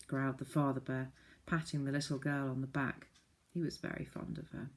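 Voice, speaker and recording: A woman narrating a children's storybook with gentle, clear reading. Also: very deep voice, fairly even intonation, normal speed. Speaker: audiobook narrator.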